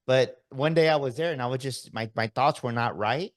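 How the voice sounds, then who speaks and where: A man hosting a podcast, telling stories in an animated way and often checking in with "right?". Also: mid-range voice, moderate pace. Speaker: podcast host. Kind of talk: casual interview chat.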